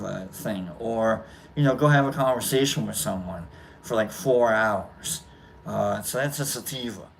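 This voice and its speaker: A man's voice: on the low side, creaky, slight background noise. Rambling man hosting a casual chat. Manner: rambling, halting, many fillers and restarts. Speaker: host. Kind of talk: casual chat while smoking.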